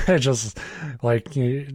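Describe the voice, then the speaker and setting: A man's voice: mid-range voice, fairly even intonation, drawn-out words, a little mellow, dry recording. A man co-hosting a podcast, chatting casually with dry, self-mocking humor and frequent swearing. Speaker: podcast co-host. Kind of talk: casual rambling chat.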